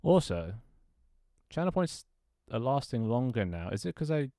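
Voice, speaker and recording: A man's voice: mid-range voice, very animated, moderate pace, vocal fry, warm tone, no room sound, clean studio sound. A man streaming from a small room at home, chatting casually, grumbling, swearing and laughing often. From United Kingdom. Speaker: live streamer. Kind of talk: casual live-stream chat.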